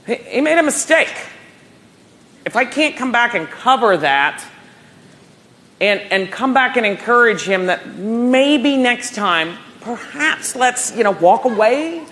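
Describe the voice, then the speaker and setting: A woman in her forties gives a motivational talk to a conference audience. Her pitch leaps and falls as she tells stories and acts out what people said. She speaks to the crowd from a stage. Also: takes it slowly. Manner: animated, telling stories and acting out dialogue. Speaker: keynote speaker at a professional conference.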